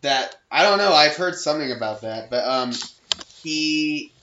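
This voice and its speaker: A man's voice: a little high, expressive, measured pace, background noise. A man in his twenties chatting on a podcast, sharing facts he reads out. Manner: chatty, reads facts aloud, laughs often. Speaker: podcast co-host. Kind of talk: casual chat. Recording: echoey room, lo-fi podcast audio.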